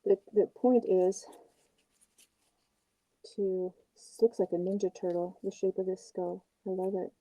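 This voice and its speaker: An older woman hosts a crafting livestream, chatting casually and poking fun at herself while narrating her work on a puppet. Her medium-pitched, dark voice is flat and a little slow, with long pauses, and the recording quality is low. She starts out on an outdoor porch and then moves to her home workshop.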